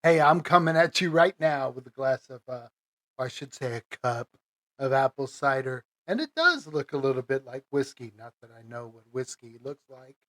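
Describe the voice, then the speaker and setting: A man hosts a casual solo podcast, his mid-range voice expressive and fairly bright at a moderate pace. He rambles with plenty of fillers and restarts, chuckling between phrases.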